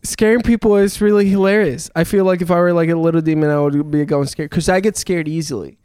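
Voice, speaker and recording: A man's voice: fairly high pitch, fairly even intonation, quick pace, a little mellow, smooth, no room sound, studio quality. A young man telling a long story in casual chat, swearing often and laughing as he goes.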